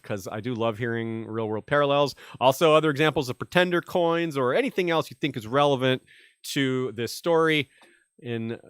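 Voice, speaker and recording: A man's voice: mid-range voice, fairly bright tone, clean tone, no echo, clean studio sound. A man hosting a casual podcast chat, rambling with many fillers and chuckles. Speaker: podcast host.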